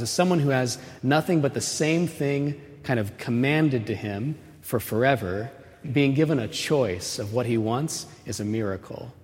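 A man delivers a homily at Mass in an easy, storytelling way, tossing in "right?" as he goes. His voice sits in a middle pitch and climbs louder and higher when he drives a point home. A long church reverb hangs after his words. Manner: chatty storytelling, frequent "right?" asides. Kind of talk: conversational sermon.

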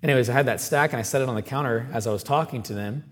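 Chatty priest in a reverberant hall. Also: male voice, medium pitch, racing. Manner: animated, chatty, asides to congregation. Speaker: Catholic priest. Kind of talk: storytelling sermon.

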